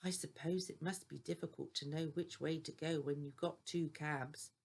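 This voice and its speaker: An older woman voicing a teasing male engine who whispers in a hushed, sly way from a storybook. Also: low voice, steady tone, normal speed, breathy edge.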